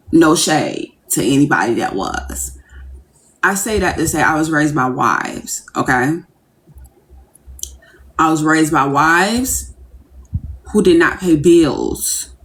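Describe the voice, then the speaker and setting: A young woman with a low-pitched voice rants casually on a livestream, brash and profane. When she acts out her excitement, she breaks into giddy squeals.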